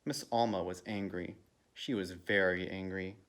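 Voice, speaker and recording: A man's voice: steady tone, measured pace, fairly bright tone. A man volunteering to read a children's picture book aloud, lifting his voice for the characters' lines. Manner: lifts pitch and volume for character quotes. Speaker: volunteer reader.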